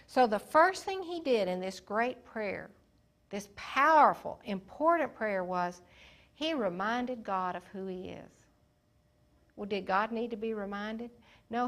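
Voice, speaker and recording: A woman's voice: mid-range voice, expressive, normal speed, fairly bright tone. A woman teaching the Bible in an earnest sermon, often putting questions to her listeners.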